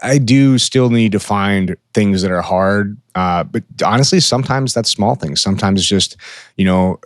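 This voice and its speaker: A man's voice: lowish voice, normal speed, no room sound, clean studio sound. A man co-hosting a podcast in casual chat, blunt and profane, acting out the voices in his head. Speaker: podcast co-host.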